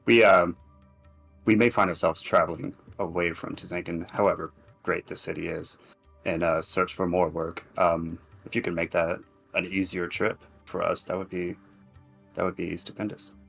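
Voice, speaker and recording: A man playing a deep, gravelly, dignified adventurer. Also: little pitch movement, a bit bright, faint music behind, heavily acted. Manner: measured, slightly stiff formality. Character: earnest male adventurer, formal and dignified.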